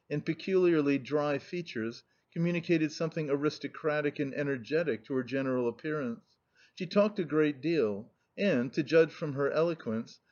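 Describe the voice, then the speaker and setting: A man narrating a classic novel in a measured, even reading. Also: fairly high pitch. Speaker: audiobook narrator. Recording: muffled lo-fi recording.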